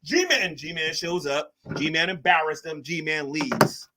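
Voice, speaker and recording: This man's voice sits a little high and moves at a slow pace, and the recording is very noisy. He's hosting a live stream, reading chat aloud and mocking and arguing with commenters in a combative, casual rant.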